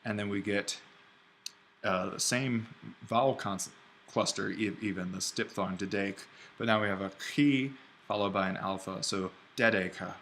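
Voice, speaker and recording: A man teaching an online Greek grammar lesson, thinking aloud and slowing down to spell out each form. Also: lowish voice, a bit bright, a little hiss or hum. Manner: explains step by step, thinking aloud; slows down to spell out Greek forms.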